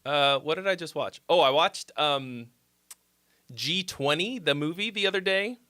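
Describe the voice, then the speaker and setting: A man hosting a live stream, chatting casually with viewers in a rambling, profane, excitable way and answering their comments. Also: on the high side, a little slow. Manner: reads viewer comments aloud and replies. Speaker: livestream host giving song critiques.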